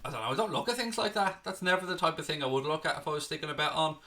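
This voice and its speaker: A man's voice: a little high, very fast, sharp tone. An Irish man hosting a live stream, chatting casually, reading viewer comments aloud and answering them, with the odd swear word. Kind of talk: casual live watchalong chat.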